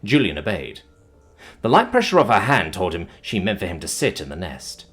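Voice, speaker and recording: Rich: A male storyteller with a husky, breathy tone. He reads fiction aloud in a very lively, sweeping voice. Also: low-pitched, normal speed, soft background music. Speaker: narrator. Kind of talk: audiobook narration of fiction.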